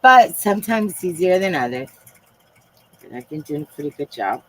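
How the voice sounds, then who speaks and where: A woman live streaming from home, talking in a soft, halting, confiding way with frequent pauses. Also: sits low, animated, a little hiss or hum, low-quality recording. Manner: emotional and confiding. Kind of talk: casual live-stream chat.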